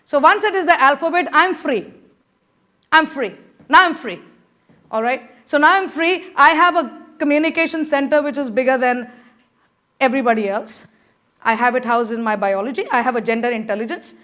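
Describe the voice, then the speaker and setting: Middle-aged woman, high voice, motivational conference talk, keeps coaxing the crowd. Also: moderate pace. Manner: animated, coaxing the audience with repeated urging. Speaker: conference speaker. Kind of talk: motivational speech. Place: conference room.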